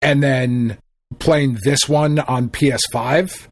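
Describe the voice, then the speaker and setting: A man's voice: mid-range voice, steady tone, slow pace, vocal fry, no echo. A man co-hosting a podcast in laid-back casual chat. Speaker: podcast co-host.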